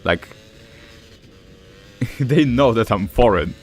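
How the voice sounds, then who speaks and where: A man's voice: medium pitch, lively intonation, takes it slowly, a little mellow, husky. A man with an Eastern European accent chatting casually while playing a game, rambling along with fillers and chuckles. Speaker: gaming streamer. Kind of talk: casual gameplay commentary.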